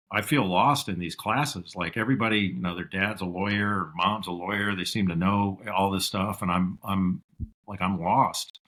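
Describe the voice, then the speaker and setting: A middle-aged man telling stories as a podcast guest, reflective, and lively when he quotes his father. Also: sits low. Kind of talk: casual interview storytelling.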